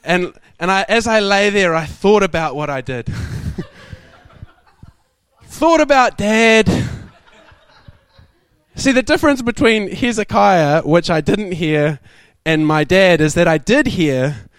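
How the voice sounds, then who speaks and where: A young man preaching a sermon, telling stories in a lively way and laughing often. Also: high voice, slow pace, smooth, no echo. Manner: animated, laughing storyteller. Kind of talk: sermon storytelling.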